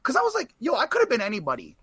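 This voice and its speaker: Casting: high-voiced man, bright tone, dry close sound, rambling storyteller. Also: rapid-fire, breathy edge, no echo. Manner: animated, rambling anecdote with repeated fillers. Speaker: guest. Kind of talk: casual storytelling on a live stream.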